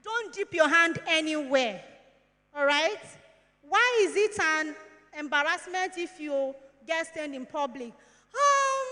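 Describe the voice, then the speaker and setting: A Nigerian woman in her forties talks frankly to schoolgirls, with a very high, bright and ringing voice. She is motherly and emphatic, and she asks questions and then answers them herself. Her voice carries a long reverb from a large hall. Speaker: health educator. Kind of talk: talk to schoolgirls on puberty and hygiene.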